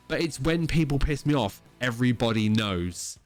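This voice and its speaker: A man, co-hosting a casual podcast chat, blunt and sweary, with halting restarts. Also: medium pitch, lively intonation, faint music behind. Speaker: podcast co-host.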